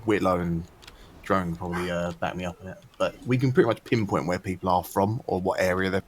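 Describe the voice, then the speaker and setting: An English man with a very low voice chats casually in a gaming voice call. He talks fast and easily, with faint noise and clicks behind him. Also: steady tone. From England. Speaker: gamer in voice chat. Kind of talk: casual chat.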